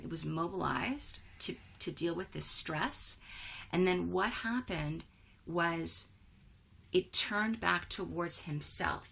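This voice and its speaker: A woman presenting an online wellness workshop over a video call, affirming participants and reading their chat replies aloud with quick words of praise. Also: fairly low pitch, a bit bright, husky.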